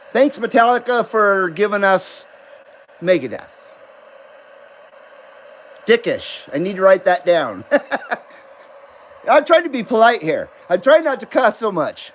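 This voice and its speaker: A man's voice: high voice, big pitch swings, takes it slowly, long pauses, a little hiss or hum, rough recording. A man hosting a casual live-stream about CB radio, chatting loosely, laughing often and reading viewer comments aloud. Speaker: CB radio livestream host.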